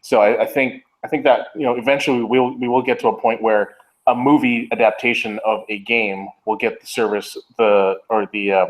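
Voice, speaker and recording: A man's voice: medium pitch, fairly even intonation, moderate pace, poor audio. A man on a podcast panel answering thoughtfully, hesitating and restarting as he talks. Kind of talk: casual chat.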